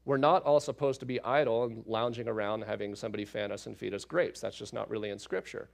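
A man, a father, teaching through a Bible passage in a relaxed, conversational way, with asides and fillers as he explains. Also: on the low side, quick pace, creaky. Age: adult parent.

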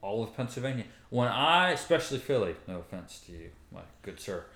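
A man from the Eastern Shore of Maryland co-hosting a podcast, telling stories in a casual, animated way and laughing often. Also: medium pitch, a little fast. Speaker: podcast co-host. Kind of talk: casual chat. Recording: roomy room echo.

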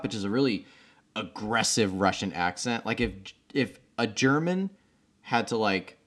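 Low-voiced man in laid-back podcast chat. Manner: relaxed, rambling asides, laughs. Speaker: podcast co-host. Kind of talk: casual chat.

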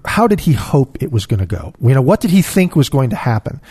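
A man's voice: medium pitch, big pitch swings, brisk, mellow, husky. A man co-hosting a casual Bible discussion, picturing scenes aloud and reading verses.

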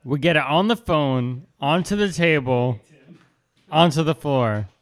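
A man's voice: on the high side, expressive, unhurried. A man co-hosting a podcast in casual chat, in a playful, teasing way. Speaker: podcast co-host.

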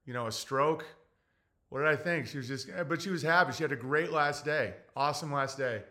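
A man in his forties, hosting a livestream, talking in a halting, emotional way, tearful, with many fillers and blunt profanity. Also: mid-range voice, pushed and bright. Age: 40s. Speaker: livestream host. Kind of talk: casual livestream talk reading chat.

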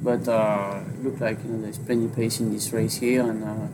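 A man with a French accent, a jockey, talking in an interview with a halting manner full of fillers. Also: fairly low pitch, level tone, background noise. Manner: halting, filler-heavy speech with many "you know"s. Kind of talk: interview on horse racing.

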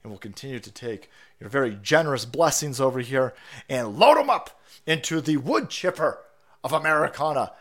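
A man's voice: medium pitch, sing-song, normal speed, fairly bright tone. A man hosting a livestream, ranting in a profane, fired-up, rallying way while sick with a cold. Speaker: livestream host.

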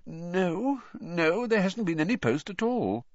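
A man voicing a fussing middle-aged mother witch in a much higher, anxious voice, on a dull lo-fi recording. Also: big pitch swings, takes it slowly, a little mellow, no echo, full character voice. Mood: distracted.

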